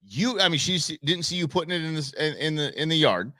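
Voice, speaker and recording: A man's voice: on the high side, lively intonation, fast, bright, forceful tone, no echo, studio quality. A man in his forties co-hosting a casual talk show, joking and rambling with lots of restarts. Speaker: podcast co-host. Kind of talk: casual banter.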